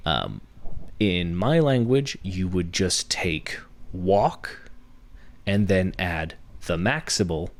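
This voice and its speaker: A young male podcast host with a deep, low voice. He talks through a workshop in a patient, teacherly manner, building each point from examples one step at a time. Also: slight background noise. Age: young adult. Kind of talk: workshop-style podcast explanation.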